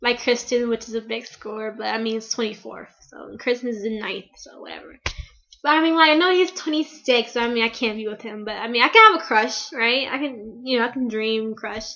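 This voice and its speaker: A teenage American girl talks fast and loose in a casual fan vlog, gushing and rambling with endless fillers. Her voice sits high, and the recording is dull and lo-fi like an old webcam. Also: bright, forceful tone. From United States. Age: teen. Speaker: vlogger.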